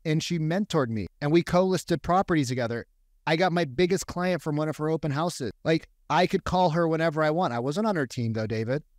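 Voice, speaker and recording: Man, real estate agent, podcast chat, profane and animated, higher-pitched voice. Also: a little fast, no echo, studio quality.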